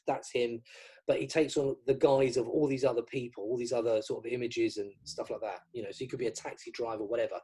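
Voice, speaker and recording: Husky, mellow-voiced man telling stories. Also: mid-range voice. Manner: chatty, acts out quoted dialogue. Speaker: magician interview guest. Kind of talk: casual storytelling interview.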